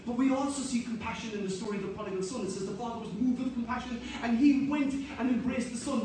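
A man's voice: very high-pitched, noisy background. A man preaching a sermon in an earnest, repeating way that builds to emphatic points. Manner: earnest, repetitive, rising to emphatic. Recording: echoey hall, mic at a distance.

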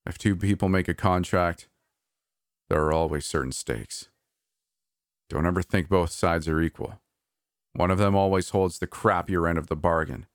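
A man voicing an anxious adult male park manager who speaks in a hushed, halting, pleading way. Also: very deep voice, no room sound, clean studio sound.

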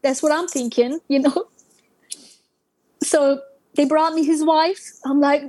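High-voiced woman telling her testimony. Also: fairly even intonation, measured pace, darkish tone, dry recording, rough recording. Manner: conversational, many "you know" fillers, non-native grammar. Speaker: testimony speaker. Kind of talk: personal testimony storytelling.

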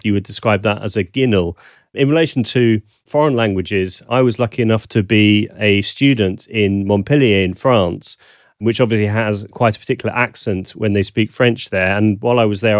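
A man's voice: on the low side, no room sound, studio quality. A man from the south of England with a Southern English accent, a guest on a video call interview, talking thoughtfully with frequent ums. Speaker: guest, language consultant. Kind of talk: casual interview chat.

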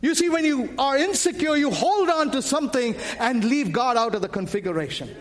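Impassioned high-voiced male preacher. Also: expressive, fairly quick. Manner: impassioned, calls out to the congregation. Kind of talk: sermon.

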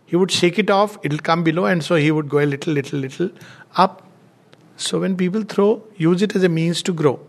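Man, middle-aged, slightly high voice, gentle devotional storyteller who chuckles often. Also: a little fast, gravelly. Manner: gentle, chuckles through anecdotes. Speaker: spiritual speaker.

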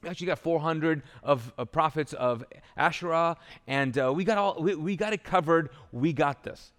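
A man preaches a sermon in a loose, joking storytelling manner. His voice sits a bit higher than most men's. The sound is a live church recording, with a long reverb tail off the hall walls. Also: normal speed, fairly bright tone. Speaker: pastor.

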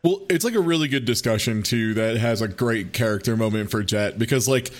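A man's voice: lowish voice, a little fast. A man co-hosting a podcast, telling scenes animatedly and laughing often. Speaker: podcast co-host. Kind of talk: casual chat.

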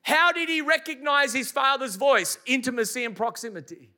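Man, pastor, sermon, very high voice, bright and forceful, emphatic, asks the congregation questions. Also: moderate pace. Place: church service before a congregation.

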